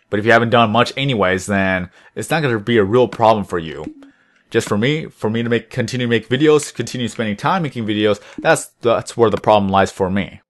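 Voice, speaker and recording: A young man hosts his own gaming channel and talks casually over gameplay. He rambles in a chatty, self-reflective way, lifting his naturally low voice a little higher so it sounds less monotone. His pitch sits right in the middle for a man. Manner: deliberately lifts his voice above his natural low tone.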